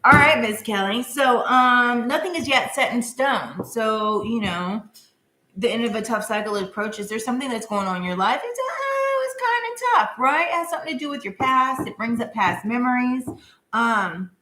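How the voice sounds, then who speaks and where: A woman's voice: on the high side, expressive, normal speed, bright, forceful tone, reverberant. A woman doing a live-stream tarot reading in a chatty, casual way, full of filler words and giggles. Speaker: tarot reader.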